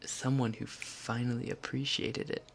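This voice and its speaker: A woman chatting casually on a live stream, answering her chat in a soft, giggly, rambling way with lots of fillers. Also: very deep voice, little pitch movement, moderate pace, vocal fry, a little hiss or hum.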